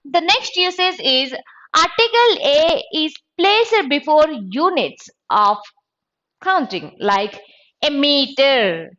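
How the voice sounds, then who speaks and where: A woman teaching an exam-prep grammar lesson, slow and deliberate, spelling out letters and sounds. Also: high voice, a bit bright, muffled recording.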